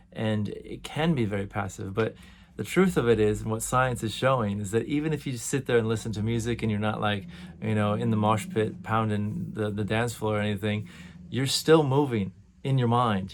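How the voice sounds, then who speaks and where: Middle-aged guy with a lowish voice teaching sound healing, chill and chatty, sighs and hums some tones. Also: gravelly. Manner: relaxed and conversational, demonstrates sighs and tones. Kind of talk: teaching an online course.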